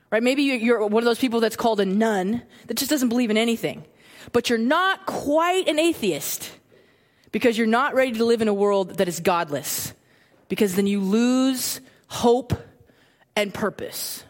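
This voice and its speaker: Animated woman preaching a conversational sermon. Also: fairly high pitch, moderate pace. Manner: conversational, animated, repeats phrases for emphasis. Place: church.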